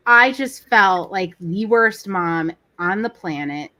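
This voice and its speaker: A woman in her forties co-hosting a casual live chat, telling a family story with lively play-acting of the people in it. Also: mid-range voice, takes it slowly, dry recording. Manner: animated storytelling, acts out quoted people. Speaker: co-host.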